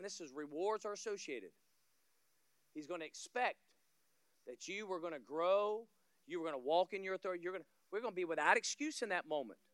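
A man from Florida, preaching a sermon as a guest pastor, telling stories, acting out scenes and building to loud peaks, with humorous asides to the congregation. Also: high-pitched, clean tone, no room sound, clean studio sound.

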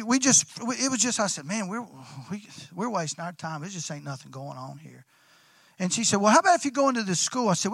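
A man preaching, telling a story in a folksy, excitable way, restarting often and now and then breaking into loud shouts. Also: high voice, no echo. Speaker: pastor. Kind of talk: sermon storytelling.

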